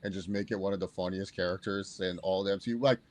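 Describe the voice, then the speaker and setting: A man's voice: low voice, fast talker. A man co-hosting a casual movie review podcast, talking with energy, laughing and quoting characters as he goes. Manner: animated, laughs often, quotes characters. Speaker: podcast co-host.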